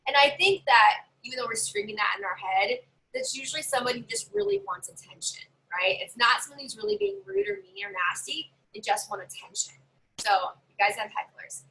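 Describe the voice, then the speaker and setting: Animated woman sales consultant, bright voice, a bit high, chatty trainer who acts out customer lines. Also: normal speed, slight background noise, rough recording. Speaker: home party sales consultant. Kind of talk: casual training talk to fellow sellers.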